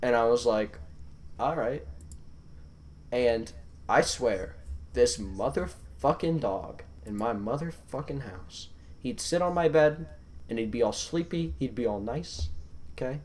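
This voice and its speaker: A young man hosting a podcast, telling stories in a casual, profane and animated way that swings from mumbling to yelling. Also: medium pitch, measured pace. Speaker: podcast host.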